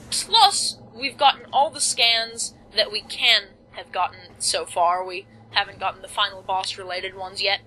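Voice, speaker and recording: A woman's voice: mid-range voice, unhurried, few pauses, sharp tone, a little hiss or hum, poor audio. A woman casually commenting as she plays a video game, rambling and joking at her own expense. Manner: rambling, self-mocking, jokey asides. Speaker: let's play commentator.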